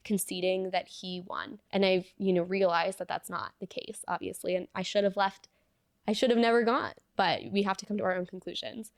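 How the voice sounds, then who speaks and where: A woman's voice: mid-range voice, gravelly, no room sound, studio quality. A young adult woman, a guest in an interview, earnestly telling a personal story and peppering it with "like". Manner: earnest, fillers of "like", reenacts dialogue.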